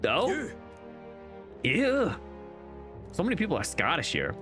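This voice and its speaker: Streamer guy rambling over his game, voice jumps up and down a lot, dry mic, quiet music. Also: fairly high pitch, wildly swooping pitch, slow pace. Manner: rambling, self-questioning, lots of restarts. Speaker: gaming streamer. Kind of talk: casual game commentary.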